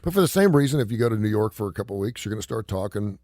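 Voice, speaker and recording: A man's voice: lowish voice, animated, racing, dark tone, dry recording, studio quality. A middle-aged man hosting a radio talk show, chatting casually and reading headlines aloud. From not from the South. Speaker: radio host.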